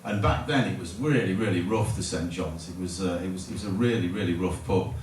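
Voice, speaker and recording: A middle-aged man with a low, brisk voice performs stand-up at a comedy night in a pub function room, rambling and cutting himself off before landing dry punchlines. The recording is distant and echoey, with audience laughter and room noise behind him.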